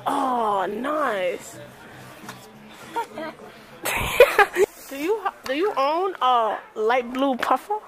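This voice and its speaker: Giggly high-voiced young woman vlogging. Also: big pitch swings, extremely slow, long pauses, a bit bright, soft background music. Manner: giggly, teasing. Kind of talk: casual chat while shopping. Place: busy shopping mall. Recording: crowd chatter behind.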